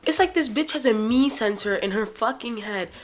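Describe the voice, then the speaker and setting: A woman's voice: fairly high pitch, expressive, moderate pace. A woman vlogger telling a story in a profane, sarcastic rant.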